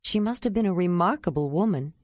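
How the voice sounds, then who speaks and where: Woman voicing a gentle young woman raised by a clan, soft, mellow tone, dry sound. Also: fairly low pitch, lively intonation, brisk, no echo.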